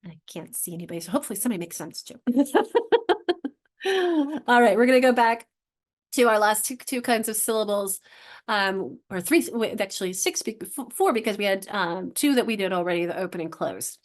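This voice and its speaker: A woman teaching other teachers online, speaking casually and often restarting her sentences. She stops to sound out vowels and words as examples. Her voice is of ordinary pitch for a woman and comes through a computer microphone. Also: quick pace. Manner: conversational, frequent restarts, sounds out vowels to demonstrate. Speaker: literacy instructor leading teacher training. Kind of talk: online training lecture.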